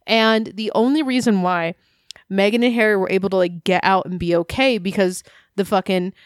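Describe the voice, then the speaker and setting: A woman co-hosting a casual podcast, ranting loudly with heavy swearing and frequent laughter. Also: mid-range voice, fairly even intonation, moderate pace, no echo, studio quality. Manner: loud, ranting, laughs often. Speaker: podcast co-host. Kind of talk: casual profane chat.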